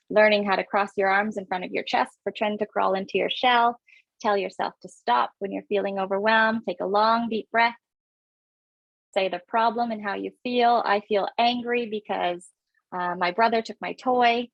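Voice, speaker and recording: A woman in her thirties gives a parenting webinar over a computer mic, her voice carrying a gravelly, creaky edge. She rushes along with lots of fillers in a friendly, instructive tone. The sound is dry and a little dull and lo-fi. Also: medium pitch, no echo. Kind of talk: casual webinar talk.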